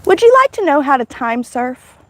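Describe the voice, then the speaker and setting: A woman voicing Jesus as a gentle, reassuring man within her spoken testimony, staying close to her own voice. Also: sits high, sing-song, moderate pace, no room sound, pitched above the performer's own voice. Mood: calm. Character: gentle calm male Jesus giving counsel.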